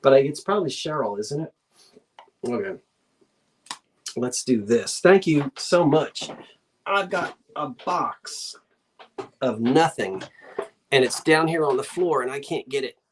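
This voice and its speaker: An older woman with a New Jersey accent runs a live online antiques sale, slow and easygoing in her delivery. She chats and rambles, talking to herself and to her viewers along the way. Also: extremely low pitch, animated, slight background noise.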